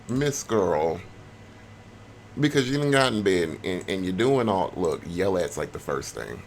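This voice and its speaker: A young man with a fairly low voice talks through a life-sim game in loose, casual slang. His pitch leaps around, breaking into sudden high squeals. Faint ambient noise sits behind him. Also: big pitch swings, measured pace, gravelly. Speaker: gameplay vlogger. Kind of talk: casual gameplay commentary.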